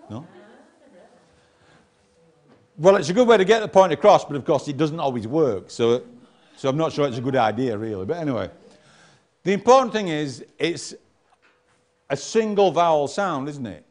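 A man's voice: on the high side, animated, fairly quick, darkish tone. A man teaching a phonics lesson, sounding out nonsense syllables one by one and calling on the class to answer. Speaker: reading teacher.

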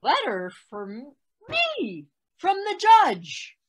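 A woman's voice: very high voice, huge pitch swings, extremely slow, full character voice. A woman playing Imp, a cheeky boy clerk. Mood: offhand.

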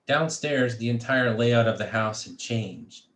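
A man, a creative writing teacher, reading his short fiction aloud in a steady, measured way. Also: mid-range voice. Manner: steady, measured, occasional restarts. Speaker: creative writing faculty reader. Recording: echoey room.

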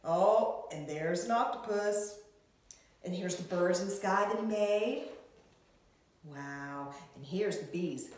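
A middle-aged woman leads a Bible lesson for preschoolers, her voice swooping up and down in a bright sing-song. She sits back from the microphone, so the sound is distant. The room rings with a heavy echo. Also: mid-range voice. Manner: animated and sing-song, talking to young children. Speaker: Sunday school teacher. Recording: echoey room, from far off.

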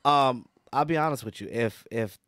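A man's voice: mid-range voice, normal speed, a bit bright, dry recording, studio quality. A man co-hosting a casual sports chat, easygoing and joking, with hesitant fillers. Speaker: co-host.

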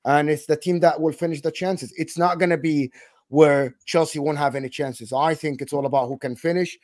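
Calm analytical man, dry close sound. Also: fairly high pitch, fairly quick, dry recording. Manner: calm, methodical, repeats his point. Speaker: football fan pundit. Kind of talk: measured match analysis.

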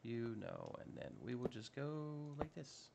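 A man's voice: medium pitch, lively intonation, a little slow, creaky, noisy background. A man giving casual, upbeat commentary while playing a modded block-building game, chatting to himself as he builds. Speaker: Minecraft modpack let's-play host.

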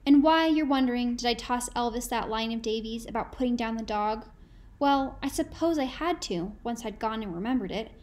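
A woman narrating a first-person novel in a measured, reflective storytelling manner. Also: fairly high pitch, darkish tone, poor audio. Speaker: audiobook narrator.

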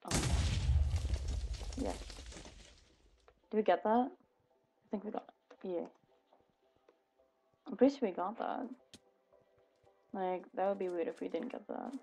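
A woman's voice: mid-range voice, slow, long pauses, mellow, slightly rough, soft background music. A young woman chattering to herself while playing a video game, giggling and exclaiming as things happen. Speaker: gaming video creator. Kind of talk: casual gameplay commentary.

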